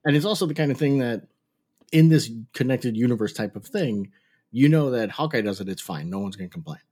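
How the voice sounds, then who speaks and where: A man's voice: medium pitch, lively intonation, brisk, darkish tone, breathy edge. A man co-hosting a podcast, chatting casually and enthusiastically about a show, laughing often. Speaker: podcast co-host. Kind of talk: casual recap chat.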